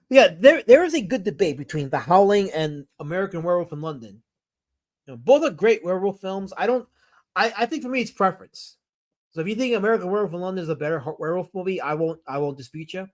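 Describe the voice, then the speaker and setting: Guy streamer rambling away, slightly high voice, lots of ums and restarts, super into it. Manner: rambling, enthusiastic, with frequent fillers and self-corrections. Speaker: streamer host. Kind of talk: casual live-stream chat reading viewer comments.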